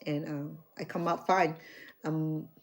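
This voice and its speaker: A woman's voice: sits low, slow pace. A middle-aged woman from Cambodia with a Cambodian accent, chatting casually to her viewers and acting out conversations as she tells stories. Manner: animated storytelling, acts out dialogue, frequent restarts. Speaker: chef and vlogger.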